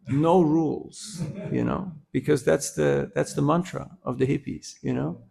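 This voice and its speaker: Gravelly and husky, this man's fairly high voice moves at an unhurried pace. As a temple lecturer leading a devotional class, he tells a humorous story with lively energy, asking "huh?" often and laughing at his own jokes.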